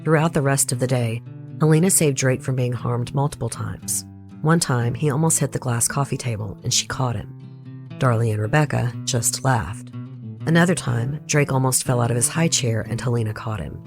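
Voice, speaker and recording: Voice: medium pitch, normal speed, over music. A true crime podcast host with a Southern US accent, reading a scripted case narration with blunt, opinionated asides.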